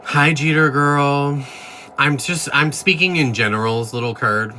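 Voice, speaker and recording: A man with a strikingly bright, sharp tone hosts a casual livestream, greeting viewers one after another. He talks bluntly and swears freely when he gets into a rant. A faint hum of noise sits behind his voice. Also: a little high, a little slow. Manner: blunt, profane and ranting; reads out and thanks viewers one by one. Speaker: livestream host.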